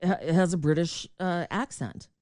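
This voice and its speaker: A woman's voice: lowish voice, unhurried, a little mellow, dry recording, studio quality. An older woman hosting a show in casual chat, talkative and laughing often. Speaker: show host.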